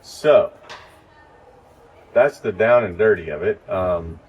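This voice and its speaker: Deep-voiced man teaching from across the room. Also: takes it slowly, breathy edge, highs cut off. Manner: relaxed, explains step by step. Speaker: lighting instructor. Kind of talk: casual hands-on training. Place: church. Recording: distant mic with faint noise.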